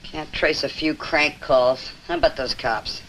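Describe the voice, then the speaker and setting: A woman's voice: low-pitched, unhurried, rough recording. An actress in a 1960s film playing a slangy, coaxing woman who coos and insists. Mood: scornful. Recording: hissy old film soundtrack.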